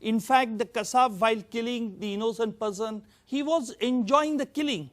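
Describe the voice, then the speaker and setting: A man's voice: very high-pitched, moderate pace. A man with an Indian English accent, a public prosecutor on a TV panel, arguing emphatically in loose grammar. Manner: emphatic, with non-native grammar. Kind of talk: panel debate argument.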